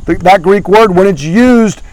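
A man's voice: high-pitched, unhurried, darkish tone, rough recording. A middle-aged man preaching a sermon as pastor, earnestly asking his congregation questions as he teaches.

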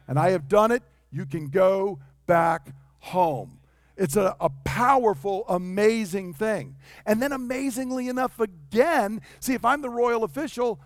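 Male preacher, high voice, lively sermon delivery with acted-out quotes, dry close mic. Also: unhurried, no echo. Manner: animated, acts out quotes in varied voices.

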